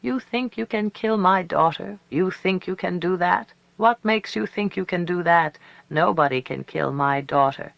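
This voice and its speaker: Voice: medium pitch, unhurried, creaky, dry recording, muffled recording. A reader voicing a grieving old grandmother screaming threats at her neighbors. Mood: furious. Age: older.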